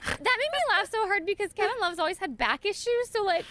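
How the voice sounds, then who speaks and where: A woman co-hosting a casual sports chat, animated and laughing often, with lots of fillers. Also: very high voice, fast talker, no echo. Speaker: podcast co-host.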